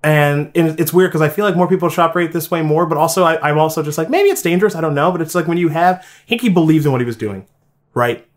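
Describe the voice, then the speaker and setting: A man's voice: a little high, animated, quick pace. A man hosting a podcast in casual chat, candid and a bit profane, rambling with restarts. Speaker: podcast host.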